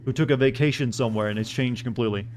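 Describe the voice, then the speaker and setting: A man's voice: mid-range voice, racing, slight background noise. Wry rambling game streamer, a man. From Southern United States. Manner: rambling, wry, chatting with viewers. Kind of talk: casual gameplay commentary.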